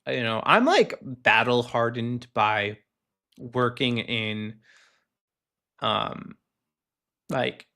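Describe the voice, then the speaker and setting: A man hosting a casual solo show, ranting and telling work stories in an animated way, acting out the people he quotes. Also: mid-range voice, drawn-out words, vocal fry, long pauses. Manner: animated storytelling, acts out quoted callers. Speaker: podcast host. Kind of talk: casual solo rant, reading posts aloud.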